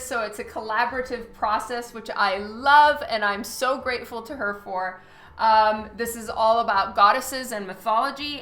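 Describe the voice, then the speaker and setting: A woman's voice: a little high, fairly bright tone. A woman, a comic artist, chatting casually on a live stream while she draws, thanking viewers by name with frequent ums. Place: studio at a light table. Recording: roomy echo with faint music.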